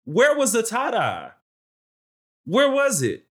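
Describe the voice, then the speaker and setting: A man's voice: extremely high pitch, huge pitch swings, slow, a bit bright. A man co-hosting a reality TV recap podcast, ranting heatedly with lots of swearing and blunt repetition. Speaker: podcast co-host.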